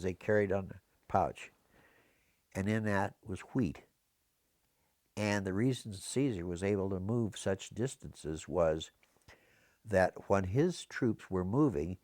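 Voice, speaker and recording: A man's voice: on the low side, a little mellow, no room sound, studio quality. An older American man, a veteran, recalling his service in an oral history interview, wandering into historical tangents as he talks. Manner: rambling storyteller prone to historical tangents.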